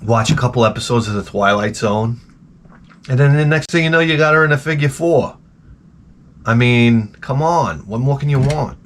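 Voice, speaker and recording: A man's voice: medium pitch, normal speed, a little hiss or hum. A man hosting a casual talk show, rambling and ranting crudely, often slipping into mocking voices. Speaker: podcast host. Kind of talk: rambling profane casual chat.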